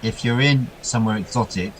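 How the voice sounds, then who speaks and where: A man giving chatty ball-by-ball cricket commentary, getting excited when the ball reaches the boundary. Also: on the low side, a little fast, slight background noise, low-quality recording.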